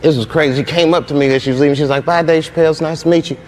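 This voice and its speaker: A man tells an animated anecdote as a talk-show guest and acts out the dialogue as he goes. His voice sits a little high for a man. There is a faint hiss of noise under the recording. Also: rapid-fire. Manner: animated storyteller who plays out dialogue. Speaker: comedian guest.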